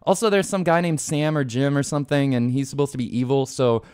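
A man's voice: medium pitch, steady tone, quick pace, a little mellow, smooth, no room sound. A man streaming a video game live, rambling casually, swearing often and laughing easily.

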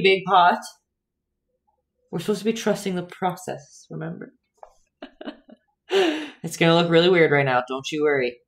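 Chatting with her viewers in the chat while she paints, a young livestream host teaches a painting lesson. Her voice is lowish, with a fairly bright tone.

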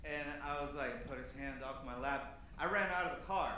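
30s guy from peru doing standup, rambly w lots of fillers, bright voice, super echoey club with faint room noise. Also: mid-range voice, normal speed. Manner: loose, rambling delivery with many fillers. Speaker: stand-up comedian. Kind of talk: stand-up comedy set. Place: comedy club stage.

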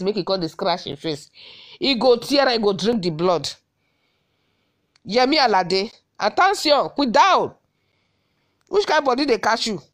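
A woman with a Nigerian Benin accent recording a scolding audio message, firing off repeated rhetorical questions. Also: medium pitch. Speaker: social media commentator.

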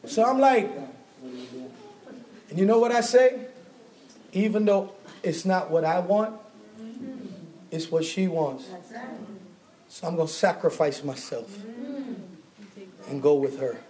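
A man preaching a sermon in a church, telling stories and acting out the dialogue with animated energy. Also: high voice, slow, long pauses. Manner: animated storytelling, acts out dialogue with laughter. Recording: echoey hall, mic at a distance.

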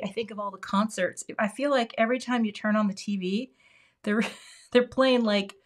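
A woman's voice: medium pitch, fairly bright tone. A middle-aged woman hosts a live craft stream in a loose, friendly way. She rambles between tips and asides and greets viewers by name while her hands stay busy. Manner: chatty, self-deprecating, greets viewers while working. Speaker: craft livestream host. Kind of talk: casual live craft demo chat.

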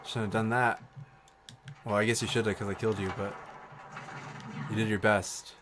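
A man streaming a shooter game, commenting casually with loud, swearing, trash-talking outbursts. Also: lowish voice, level tone, moderate pace, background noise. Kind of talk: gameplay commentary.

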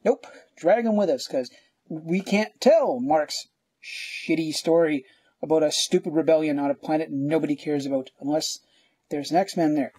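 Man, Canadian accent, sarcastic comic review rant, slightly high voice, dry close sound. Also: moderate pace, warm tone, breathy edge, no echo. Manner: sarcastic, rambling. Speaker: podcast host.

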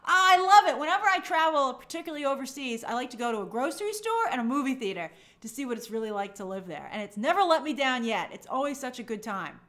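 A woman's voice: high voice, sing-song, fast, few pauses, fairly bright tone. A woman from New York hosting a livestream, reading viewer comments aloud in a bubbly, gushing way and stumbling over hard names. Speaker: livestream host. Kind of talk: casual live chat reading viewer comments.

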